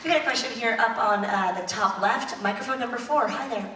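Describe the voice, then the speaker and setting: Upbeat woman moderating an echoey panel. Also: on the high side. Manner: upbeat, brisk. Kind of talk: hosting audience Q&A. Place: large convention hall. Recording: echoey hall, far from mic, loud crowd and noise.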